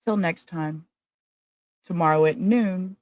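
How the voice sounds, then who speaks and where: A woman's voice: on the low side, slow, a little mellow, dry recording, muffled recording. A woman hosting a casual livestream, talking emotionally and straight to her viewers. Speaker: livestream host.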